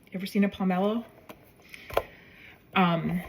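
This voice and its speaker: A woman's voice: on the low side, unhurried, background noise. Young woman rambling through a personal story. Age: young adult. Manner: rambling, self-correcting, many fillers. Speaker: vlogger. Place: home kitchen while cooking.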